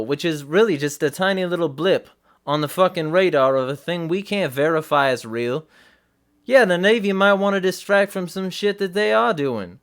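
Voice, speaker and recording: A man hosting a livestream, giving blunt, profane commentary and often restarting mid-sentence. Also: a little high. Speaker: host.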